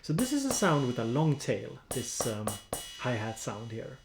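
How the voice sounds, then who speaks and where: A man's voice: medium pitch, big pitch swings, moderate pace, echoey room. A man with a Swedish accent chatting casually on a music-production live stream, rambling with lots of fillers and restarts while he edits samples. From Sweden.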